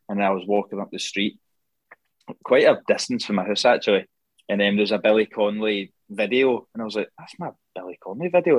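A man's voice: deep voice, slightly rough, no room sound. A man chatting casually on a podcast, rambling through stories and laughing often. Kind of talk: casual chat.

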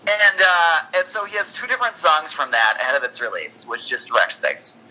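A man's voice: a little high, animated, pushed and bright, poor audio. A man co-hosting a podcast in casual chat, rambling and correcting himself as he goes. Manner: rambling, chatty, quick self-corrections. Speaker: podcast co-host.

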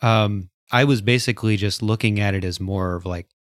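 A man with a fairly low voice talks through a story in a casual book chat. He retells the scenes with animation and plays out the lines himself. The sound is dry and close. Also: fairly quick, no room sound. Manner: animated storyteller, acts out quotes. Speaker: podcast co-host.

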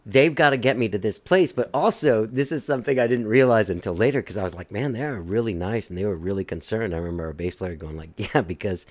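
Male host, lowish voice, loose rambling storyteller who laughs through anecdotes and swears freely. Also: fast, few pauses. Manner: rambling, laughs while telling stories, swears casually. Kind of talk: casual storytelling chat.

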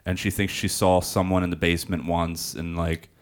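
A man's voice: sits low, little pitch movement, normal speed, clear, resonant tone. A man co-hosting a podcast, talking casually and rambling with frequent laughs. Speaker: podcast co-host. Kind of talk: casual chat.

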